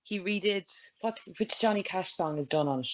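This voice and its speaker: A woman's voice: on the low side, lively intonation, rough recording. Playful Irish woman co-host. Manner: playful, quick to laugh. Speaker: podcast co-host. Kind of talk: casual movie review chat.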